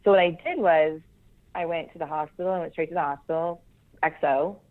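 A woman's voice: deep voice, a little fast. A woman, a Marine Corps veteran, speaking frankly in an interview and breaking into laughter between points. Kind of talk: candid interview conversation. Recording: tinny phone-like line.

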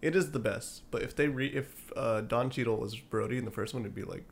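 A young man co-hosting a podcast with friends, speaking on a handheld mic in a warm bedroom, teasing and laid-back, often trailing off quietly. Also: mid-range voice, brisk, gravelly, a little hiss or hum. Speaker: podcast co-host. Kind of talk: casual chat among friends.

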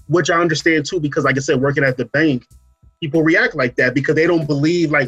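A man hosting a podcast, talking through a story in a relaxed casual way, full of fillers and asides. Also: on the high side, fairly quick, husky, faint music behind. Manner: relaxed storytelling, many fillers and "you know what I'm saying". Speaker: podcast host. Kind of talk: casual chat.

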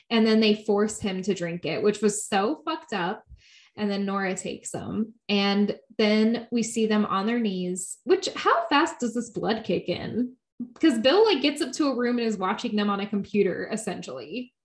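A woman co-hosting a podcast, chatting casually while recapping a show, talking quickly and laughing often. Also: medium pitch. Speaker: podcast co-host.

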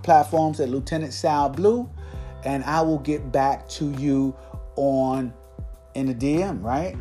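A man with a slightly higher voice gives a motivational podcast monologue. He coaches his listeners earnestly and keeps checking in with them. Soft guitar music plays faintly under him. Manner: earnest, coaching tone, repeats "right?" and "guys".

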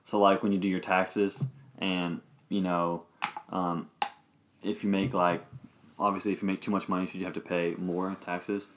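A man's voice: sits low, flat delivery, normal speed, slight background noise. A man in a casual chat, talking hesitantly with many ums and likes.

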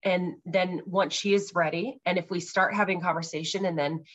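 A woman's voice: fairly low pitch, steady tone, normal speed. A woman in her thirties hosting a podcast, chatting casually about parenting with lots of ums and likes. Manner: chatty, many ums and likes, laughs easily. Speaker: podcast host.

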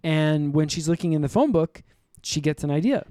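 A man's voice: a little high, moderate pace, noisy background. Rambling man recapping an absurd episode. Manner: rambling, deadpan absurd storytelling with laughs. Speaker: podcast co-host. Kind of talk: improvised comedy recap.

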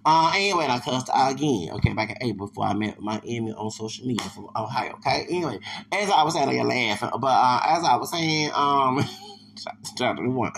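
A man's voice: medium pitch, lively intonation, a little fast, gravelly, a bit bright, husky. A man hosting a solo podcast, rambling and digressive, with many restarts and asides. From Texas. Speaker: podcast host.

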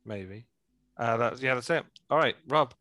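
A man's voice: medium pitch, measured pace, no echo. A man hosting a podcast, chatting casually and teasing his guest with a laugh. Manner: relaxed, laughs easily, teasing questions. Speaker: podcast host. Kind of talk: casual chat.

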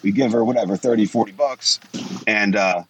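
On a low-quality recording with slight background noise, a male guest in his forties tells casual, profane stories. He's blunt, swears often, and acts out quotes, speaking at normal speed in a voice on the low side.

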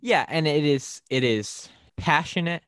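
A young podcast co-host chats in a relaxed, agreeable way and reads out a guest introduction. The voice sits in a middle pitch. The sound is close and dry. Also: measured pace, no echo. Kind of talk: casual podcast chat, read guest introduction.

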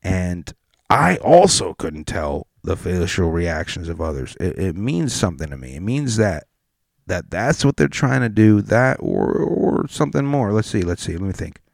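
A man's voice: low voice, sing-song, moderate pace, gravelly, darkish tone, no echo, studio quality. A man in a casual, rambling rant full of swearing and restarts. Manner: rambling, profane, restarts a lot.

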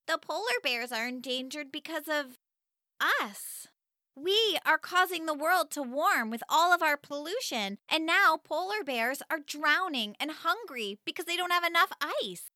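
Bright, animated woman reading a children's story. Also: no echo, studio quality. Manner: highly expressive, animated storytelling. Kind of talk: first-person children's story narration.

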